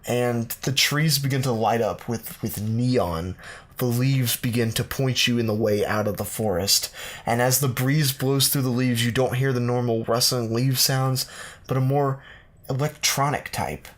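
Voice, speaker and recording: A man's voice: medium pitch, fairly even intonation, a little slow. A man co-hosting a podcast, narrating an improvised comic quest story in a meandering, playful way full of ums. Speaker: podcast co-host.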